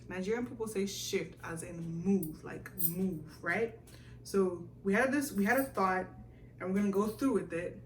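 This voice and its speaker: A woman's voice: lowish voice, distant mic, a little hiss or hum. A young woman vlogger telling a personal story, animatedly acting out her own past reactions. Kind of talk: storytime vlog. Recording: roomy echo, mic set back.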